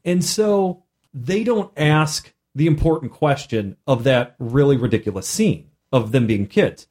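Animated man telling game stories. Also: mid-range voice, measured pace. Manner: excitable, laughs often, acts out characters. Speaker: game master and podcast host. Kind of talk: animated storytelling chat.

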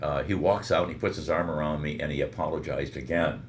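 A man's voice: a bass voice, fast talker, a little hiss or hum. An older man, a veteran radio broadcaster, telling stories as a guest in a casual interview, with frequent restarts. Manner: animated storyteller with frequent restarts.

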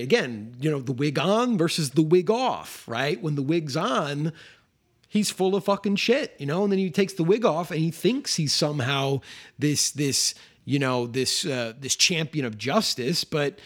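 A man's voice: fairly high pitch, breathy edge. A man co-hosting a film podcast, talking casually and with energy, swearing often and acting out scenes as he laughs. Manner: animated, profane, acts out quotes with laughter. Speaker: podcast co-host.

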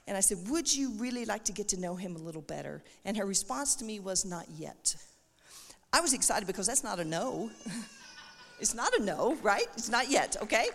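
Middle-aged woman sharing a testimony at church, lively storyteller, lots of reverb in the hall. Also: mid-range voice, brisk. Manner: animated storytelling, acts out quoted voices. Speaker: missionary speaker. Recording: echoey hall with long reverb.

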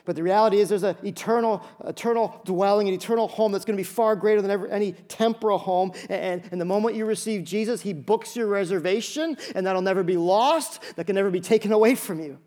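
A male pastor preaching a sermon, telling stories in an animated way with many quick restarts. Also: high voice.

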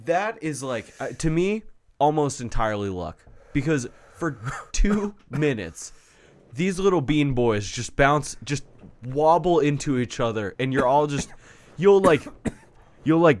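A man casually chatting about a video game, swearing freely and breaking into loud mock rants. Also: medium pitch, a little slow. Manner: profane, animated, bursts into loud mock rants. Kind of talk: casual gaming chat.

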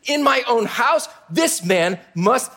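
A man voicing an ancient king, quick to anger, who bursts into outraged shouts. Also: very high voice, lively intonation, husky, voice pushed up, full character voice. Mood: enraged.

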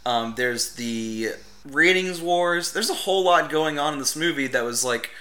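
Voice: medium pitch, animated, unhurried, sharp tone. A podcast co-host in casual chat, amused and analytical.

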